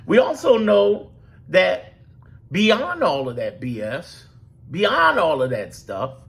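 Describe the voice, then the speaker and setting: A man's voice: high-pitched, vocal fry. A man giving emphatic, profane political talk straight to his audience, as a commentator and host. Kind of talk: direct-to-camera political talk.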